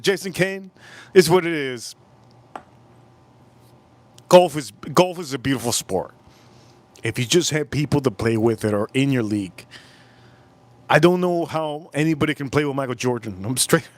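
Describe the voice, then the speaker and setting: A man in his forties hosting a casual livestream outdoors, telling animated stories and calling out viewers by name. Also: a little high, normal speed, pauses often. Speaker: livestream host.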